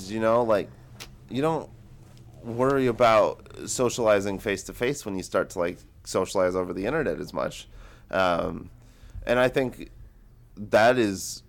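A man's voice: fairly low pitch, unhurried, creaky. A man in his twenties co-hosting a book podcast, rambling casually with lots of filler words. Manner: rambling, heavy use of "like". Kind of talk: casual chat.

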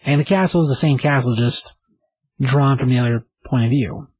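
Husky man rambling through a comic recap. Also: mid-range voice, normal speed, darkish tone, low-quality recording. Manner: rambling, enthusiastic summary with fillers. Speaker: comic book reviewer. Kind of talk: casual review chat.

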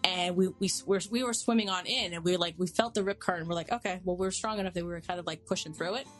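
A woman co-hosting a podcast, chatting casually and telling stories in an animated way. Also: fairly low pitch, rapid-fire, faint music behind. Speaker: podcast co-host. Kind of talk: casual chat.

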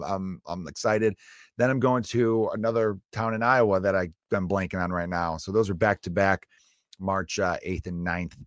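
A male comedian talking solo on his podcast, loose and rambling with jokey asides. His voice sits a bit low, and the sound is dry and close with no room around it. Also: no room sound. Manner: rambling, joking, animated asides.

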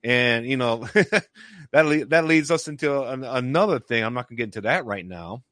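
A man's voice: medium pitch, lively intonation, moderate pace, fairly bright tone, no room sound, studio quality. A man hosting a casual discussion, making emphatic points and stopping often to say "okay".

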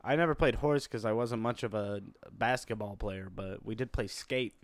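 A man's voice: lowish voice, normal speed, dry recording. A man co-hosting a casual chat, crude and teasing, swearing often.

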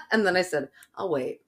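A woman's voice: fairly low pitch, a bit bright, breathy edge. A woman co-hosting a podcast in casual chat, telling stories and laughing often. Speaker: podcast co-host.

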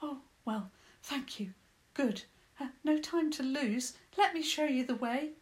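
A woman's voice: high-pitched, measured pace, voice pushed up. A woman voicing a tiny, nearly blind male mole who stammers and frets, in a children's storybook reading. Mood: eager. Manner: stammering, earnest and fretful.

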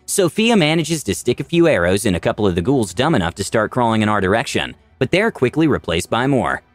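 Man, first-person story narration, wry and dramatic, animated delivery, dry close sound. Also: medium pitch, fairly quick, no echo, soft background music. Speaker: storyteller of a tabletop campaign.

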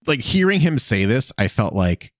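A man's voice: medium pitch, sing-song, moderate pace, no echo, studio quality. A man co-hosting a podcast, casually recapping episodes with playful asides. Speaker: podcast co-host.

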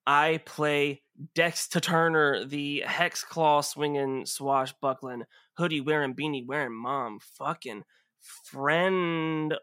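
A young man hosting a podcast and chatting casually with his players, talking fast and rambling, laughing often. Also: a little high, steady tone, sharp tone, smooth, no echo, clean studio sound. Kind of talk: casual chat.

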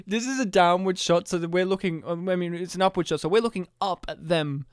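A podcast co-host in casual film-review chat, lively and laughing, acting out scenes while retelling them. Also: mid-range voice, quick pace, clear, resonant tone, no echo, studio quality. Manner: animated, laughing, acts out scenes.

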